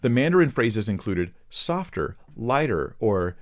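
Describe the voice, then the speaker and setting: Low-voiced man reading a report aloud. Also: big pitch swings, a little slow. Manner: earnest, addresses viewers directly. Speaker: host of a Christian ministry channel.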